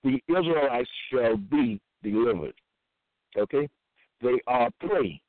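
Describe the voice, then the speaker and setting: Male preacher reading scripture in a sermon, measured delivery, lo-fi phone-line quality. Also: medium pitch, lively intonation, dry recording. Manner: reads verses slowly with repeated asides. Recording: tinny, phone-like dry audio.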